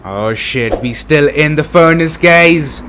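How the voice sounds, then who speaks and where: A young man hosting a horror game playthrough, reacting loudly and excitably, with frequent swearing. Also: a little high, takes it slowly, a little hiss or hum. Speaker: gaming channel host. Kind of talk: let's play commentary.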